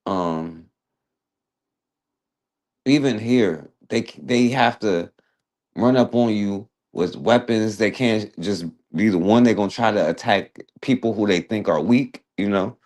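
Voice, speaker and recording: A man's voice: lowish voice, measured pace, a little mellow. A man hosting a talk show, casually commenting on a video clip in a loose, slangy way.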